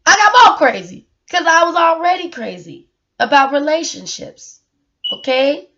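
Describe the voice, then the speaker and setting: A woman talks straight to her audience in a personal vlog, earnest and emotional, circling back on her own words. Her voice sits a little high, and the home recording sounds dull and lo-fi. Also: very animated, unhurried, a bit bright. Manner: emotional, earnest, repeats words, rhetorical questions. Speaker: single mother sharing her story.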